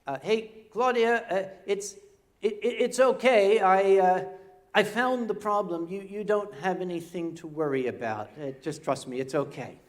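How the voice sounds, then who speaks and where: Older man, high-pitched voice, live stage storytelling, comic, stammering, chatty asides. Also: normal speed. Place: convention center stage before a live audience.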